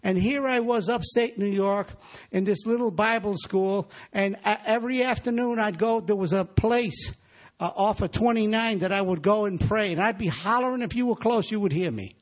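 A man's voice: high voice, moderate pace. A man preaching a sermon in a church, exhorting the congregation and calling for their responses.

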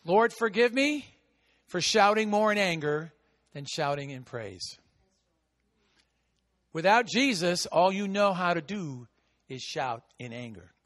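A man preaching a sermon as pastor, with a big voice that swings from shouting to hushed asides. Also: high voice, animated, slow pace, long pauses, big-room sound. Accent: American. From United States.

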